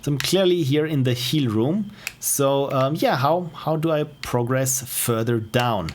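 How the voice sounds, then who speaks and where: A man's voice: mid-range voice, unhurried, a little hiss or hum. Curious Austrian man thinking aloud. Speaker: streamer playing indie games. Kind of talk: live gameplay commentary. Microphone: wearing headphones.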